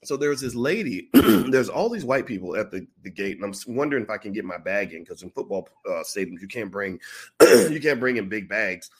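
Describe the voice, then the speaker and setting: A man's voice: on the low side, a little fast, slightly rough. A man vlogger telling a story in a casual way, acting out the people in it. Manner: animated, acts out the people in his stories.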